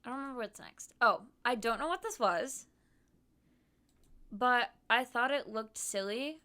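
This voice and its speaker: A woman's voice: fairly high pitch, measured pace, bright, forceful tone. A woman streamer chatting casually about her trip while showing photos, bubbly and giggly with lots of "um" and "like".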